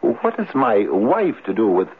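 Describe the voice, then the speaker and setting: A hesitant husky Irish farmer. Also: male voice, fairly low pitch, huge pitch swings, measured pace, exaggerated voice. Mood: earnest. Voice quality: hesitant, many 'uh's. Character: poor earnest Irish farmer, hesitant, idealistic. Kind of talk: 1970s radio drama acting. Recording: tinny lo-fi old radio broadcast.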